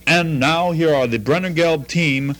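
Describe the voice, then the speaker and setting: A man's voice: on the high side, measured pace, a bit bright. A man hosting a tape fanzine, introducing the contributors in an earnest, plain-spoken way. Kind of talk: casual taped introduction.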